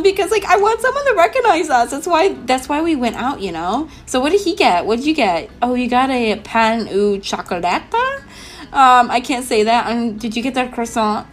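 A young woman hosting a let's play, chatting in a bubbly, excitable way full of "like" and "um". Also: on the high side. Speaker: gaming channel host. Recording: light background music.

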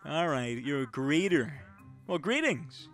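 Teasing young man, bit high. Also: very animated, a little slow, a bit bright, faint music behind. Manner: teasing, needling, swears often. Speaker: YouTuber host. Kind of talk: casual game chat.

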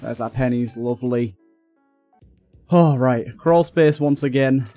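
A man's voice: medium pitch, unhurried. Young man, frustrated, swears, mid voice, game music faintly behind. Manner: excitable, frustrated outbursts and swearing. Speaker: gaming YouTuber. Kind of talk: let's play commentary.

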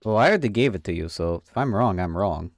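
A man's voice: on the low side, expressive, fast talker, dry recording. A man commentating a video game, goofing around in a mock broken-English border inspector voice and swearing casually. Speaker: let's play gamer.

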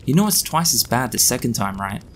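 A man's voice: mid-range voice, big pitch swings, brisk, slight background noise, lightly acted. A man voicing a weary, unimpressed young male shop clerk with a dry, sighing manner.

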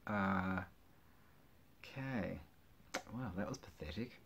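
A man's voice: lowish voice, unhurried. A middle-aged man reading old jokes aloud, groaning and laughing at them with wry, self-mocking asides. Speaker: channel host.

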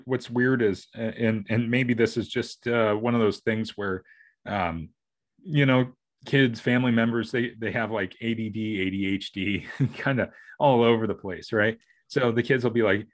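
A man's voice: medium pitch, fairly even intonation, normal speed. A middle-aged man co-hosting a podcast, chatting casually in a rambling way with many restarts and acted-out family quotes. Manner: rambling, restarting, acting out family members' lines. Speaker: podcast co-host. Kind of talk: casual chat.

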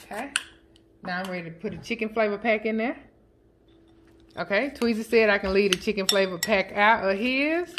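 A woman chatting casually as a home cooking vlogger, counting her seasoning shakes out loud and joking with family off camera. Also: medium pitch, normal speed, noisy background. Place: home kitchen. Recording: kitchen clatter of dishes and utensils.

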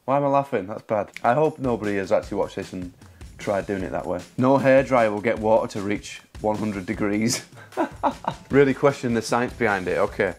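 A man's voice: fairly low pitch, a little mellow. A young man, a magician making comic commentary with a sarcastic, jokey manner and frequent laughs. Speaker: magician and video creator. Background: background music.

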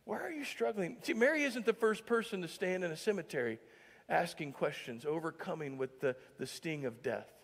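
A male pastor preaches with a notably high voice and an easy, chatty delivery full of fillers. He drops to hushed stretches, then builds to loud, emphatic points, and the long reverb of a church hall trails every phrase. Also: expressive, normal speed. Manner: conversational, heavy use of filler "like". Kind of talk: sermon. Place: church sanctuary.

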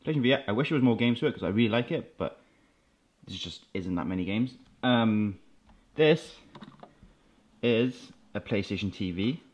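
A man's voice: fairly low pitch, lively intonation, normal speed. A man casually showing off his gaming setup in his room at home, talking in a laid-back, rambling way. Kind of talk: casual show-and-tell.

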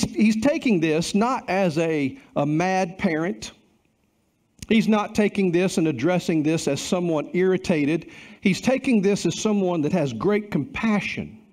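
A man's voice: high-pitched, darkish tone. A middle-aged man preaching a sermon as pastor, earnest and emphatic, stacking repeated phrases.

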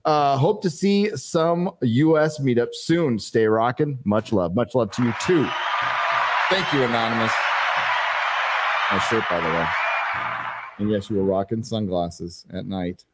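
A man's voice: mid-range voice, unhurried. A man co-hosting a casual panel show, reading out donation messages and chatting, swearing and laughing often. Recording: noisy livestream audio.

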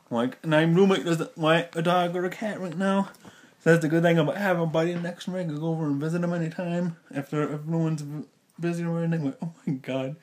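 A man vlogging casually, rambling and chatty and laughing often. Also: fairly high pitch. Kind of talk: casual rambling vlog chat.

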